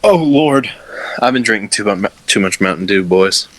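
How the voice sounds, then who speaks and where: Young male podcast co-host, goofy and jokey, bright lively voice, dry sound. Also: on the low side, moderate pace, poor audio. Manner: joking, goofy, laughs often. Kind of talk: casual chat.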